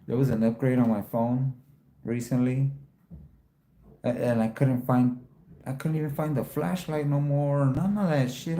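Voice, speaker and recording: A man with a rough, gravelly voice and a dark, mellow tone chats loosely with his livestream viewers. He tells a profane story and jumps his pitch up whenever he acts out his own disbelief. The sound is roomy and echoey. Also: steady tone, measured pace. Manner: profane storytelling, voice jumps up when quoting himself. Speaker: livestream host. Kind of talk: casual livestream chat.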